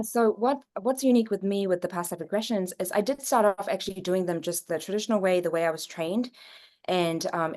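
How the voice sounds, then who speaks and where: A woman guest in a conversational interview who explains psychic readings earnestly, with her pitch rising and falling as she talks. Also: a little mellow.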